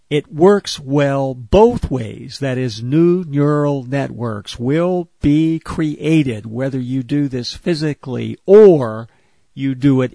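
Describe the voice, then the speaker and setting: A man calmly explaining a movement exercise step by step, repeating each point with care. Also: medium pitch, creaky, dry recording. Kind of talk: step-by-step instruction.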